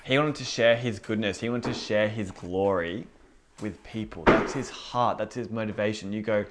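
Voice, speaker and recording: A man's voice: lowish voice, moderate pace, slight background noise. A man teaching a Bible lesson in a casual, conversational way, asking the room rhetorical questions. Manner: informal, rhetorical questions, acts out inner voices. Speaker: preacher.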